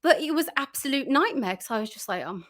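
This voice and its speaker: A woman's voice: sits high, sing-song, quick pace, a bit bright. A woman guest chatting casually in an interview, full of fillers and restarts, acting out her own reactions.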